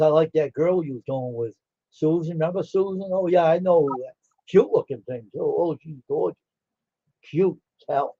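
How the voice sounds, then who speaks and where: A man's voice: fairly high pitch, normal speed, mellow, dry recording, highs cut off. An older man hosting a livestream, telling rambling stories in casual chat and acting out the dialogue. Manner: rambling, laughing, acts out quoted dialogue. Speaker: livestream host.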